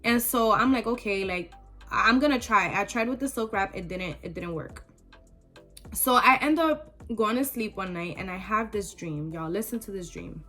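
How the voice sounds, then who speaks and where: A woman's voice: mid-range voice, expressive, moderate pace, a bit bright, faint music behind. A young woman vlogger telling a personal story in casual, emotional talk with many fillers.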